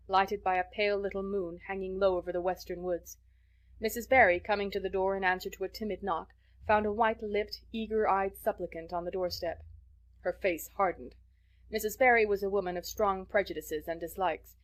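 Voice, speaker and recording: A woman narrating a classic novel as an audiobook, measured and expressive. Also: mid-range voice. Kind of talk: scripted narration.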